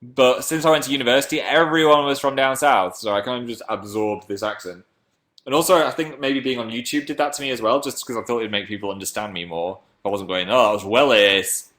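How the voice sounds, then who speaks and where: A man's voice: fast, fairly bright tone. Young male livestreamer, slight northern English lilt, playful and chatty, casual webcam chat. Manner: chatty and playful, jumps into silly high voices. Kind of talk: casual livestream chat answering viewer comments.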